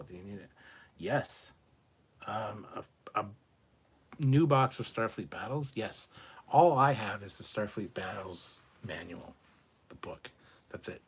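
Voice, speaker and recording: A man's voice: fairly low pitch, a little hiss or hum. A man hosting a casual live stream, reading out and answering viewer chat messages with loose jokes and the odd swear. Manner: joking, swears, chats loosely.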